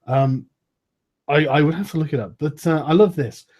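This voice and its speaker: Sarcastic guy on a podcast, high voice kinda husky and mellow, laughs a lot, swears. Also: moderate pace. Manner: laughing, sarcastic, mocking quotes. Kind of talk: casual profane chat.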